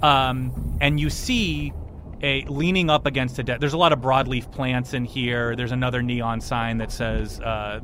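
A man's voice: mid-range voice, steady tone, normal speed, noisy background. A man narrating as game master for a tabletop game, loose and joking as he describes scenes.

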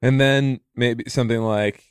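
A man's voice: mid-range voice, fairly even intonation, unhurried, clear, resonant tone, no echo, clean studio sound. A man co-hosting a comedy podcast, rambling and chuckling as he talks. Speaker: podcast co-host. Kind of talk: casual comedic banter.

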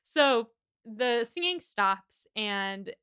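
A woman co-hosting a casual book podcast, retelling the chapter and briefly acting out the characters in quick voices. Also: fairly high pitch, lively intonation, sharp tone, clean tone. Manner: swears casually. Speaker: podcast co-host. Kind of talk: casual book recap chat.

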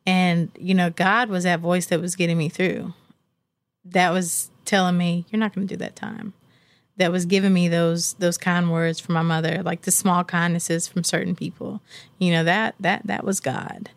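A woman's voice: fairly low pitch, flat delivery, moderate pace, no room sound. A woman in her thirties, a guest in an interview, talking candidly and reflectively, with faith and conviction.

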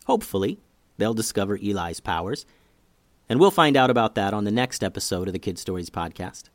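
A man hosting a children's story podcast, narrating with an animated, expressive reading on a close mic. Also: on the low side, fairly quick, no room sound.

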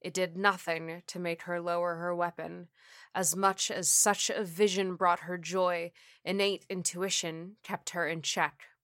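A woman reads a horror story with slow, deliberate pacing. Her voice is bright and sits a little low, recorded dry and close with no room around it. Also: little pitch movement, no room sound. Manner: measured, deliberate reading. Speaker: narrator. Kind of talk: scripted horror story narration.

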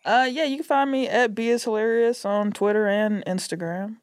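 A woman TV writer chatting as a podcast guest, relaxed and casual, swearing freely and laughing often. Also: fairly high pitch. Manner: relaxed, profane, quick to laugh.

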